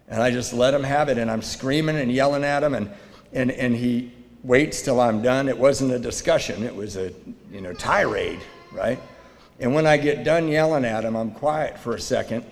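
A man telling his recovery story to a live meeting audience, candid, swinging between loud and hushed. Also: mid-range voice. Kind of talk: personal testimony to a live audience. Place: meeting hall. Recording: reverberant hall.

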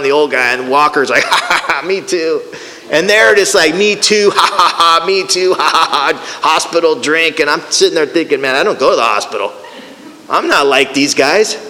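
Man, middle-aged, lively storytelling testimony, slightly high voice, long hall reverb. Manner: animated storytelling, acting out voices. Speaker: recovery speaker. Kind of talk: personal testimony talk.

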